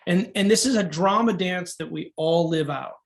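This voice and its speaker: High-voiced man explaining a coaching tool. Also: normal speed, gravelly. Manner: animated, acts out quoted voices. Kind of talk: interview answer.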